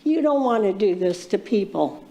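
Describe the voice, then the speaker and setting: A woman's voice: medium pitch, animated, moderate pace, mellow. A woman giving a rambling, impassioned and accusatory public comment at a city council meeting. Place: council chamber podium.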